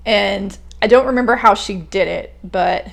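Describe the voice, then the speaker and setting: A woman's voice: mid-range voice, moderate pace, creaky. A young woman talking through a poem in a casual, hesitant way, thinking aloud with many fillers and restarts. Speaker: poetry reader and commentator. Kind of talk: casual spoken poetry analysis.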